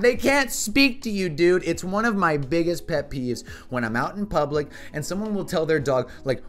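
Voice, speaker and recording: A man vlogger ranting to camera in an exasperated, animated way, swearing often. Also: on the high side, normal speed, hardly any pauses, soft background music. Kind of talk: casual comedic rant to camera.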